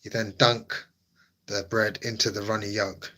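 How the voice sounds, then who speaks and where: A man's voice: lowish voice, little pitch movement, measured pace, pushed and bright. A man streaming live, chatting casually with his viewers in a playful, teasing way that tips into mock drama.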